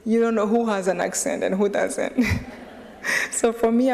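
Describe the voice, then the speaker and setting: A woman's voice: on the high side, unhurried, creaky. Rwandan woman telling a story in a hall. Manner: lively, laughing often, acting out dialogue. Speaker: guest speaker. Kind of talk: storytelling talk to a live audience. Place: lecture hall.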